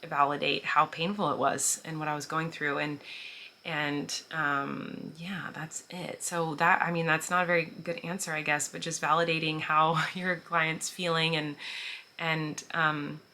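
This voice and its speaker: A woman's voice: low-pitched, flat delivery, measured pace, pushed and bright, slight background noise. A woman in her thirties chatting casually to camera as a vlogger, full of "like" and "um" and small laughs. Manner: chatty, frequent "like" and "um", laughs while talking. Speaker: vlogger answering viewer questions. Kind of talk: casual chat.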